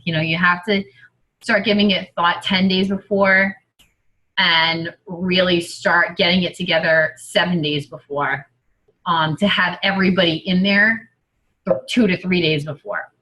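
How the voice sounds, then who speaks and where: Bright-voiced woman coaching on a video call. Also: mid-range voice, poor audio. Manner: chatty and rambling, thinking aloud. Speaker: online group coach. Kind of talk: casual video call talk.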